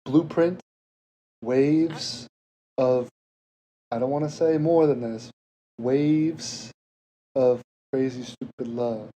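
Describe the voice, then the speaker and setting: A man's voice: mid-range voice, warm tone, poor audio. A man who is a guest on a podcast, chatting casually and often repeating his words for emphasis. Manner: halting, repeats phrases for emphasis.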